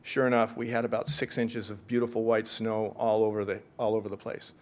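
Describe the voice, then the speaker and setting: A middle-aged man from Seattle giving an earnest, reflective speech, telling a personal story with gentle humor. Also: fairly low pitch, little pitch movement, fairly quick. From Seattle, USA. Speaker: speaker at a leadership event.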